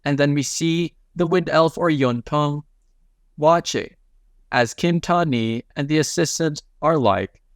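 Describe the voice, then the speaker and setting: A man's voice: on the high side, a little slow, no echo, clean studio sound. A man narrating a comic recap in a casual, slangy way, retelling each panel in plain speech.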